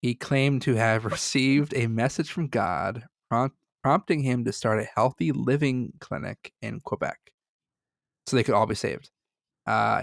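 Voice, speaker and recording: A man chatting as a podcast co-host, loose and joking, with casual swearing. His voice sits at an ordinary middle pitch. It is recorded close and dry with no room sound. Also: gravelly, no echo. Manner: casual, swears freely, jokey asides.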